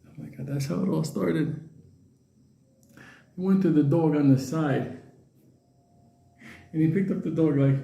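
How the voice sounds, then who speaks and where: A man telling a comedic story in a rambling, casual way, laughing at his own jokes and putting on high voices for the characters. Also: normal speed, gravelly, long pauses, dark tone, roomy sound.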